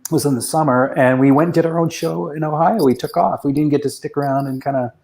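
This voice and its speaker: A man in his sixties, a guest musician telling rambling, reflective anecdotes with soft chuckles in a casual interview. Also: fairly high pitch, fast, creaky, slight background noise, low-quality recording.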